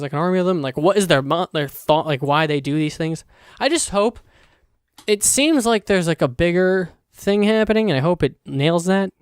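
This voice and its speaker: A young man chats alone into his podcast mic in a casual solo show, rambling loosely with plenty of fillers, restarts, and the occasional offhand curse. His voice is slightly high, smooth, and clean. The sound is dry and close, with no room echo.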